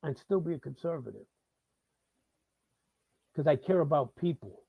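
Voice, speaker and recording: A man's voice: fairly high pitch, animated, moderate pace, vocal fry, breathy edge, no room sound. Ranting New York man on a tinny line. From the Bronx, New York. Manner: swears freely, repeats and restarts in heated bursts. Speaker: host. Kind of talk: live talk-show monologue.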